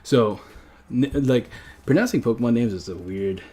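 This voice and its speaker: A man from a French-speaking country chats on a livestream in a medium-pitched, mellow voice at normal speed. He wanders from point to point, revising what he says and chuckling often.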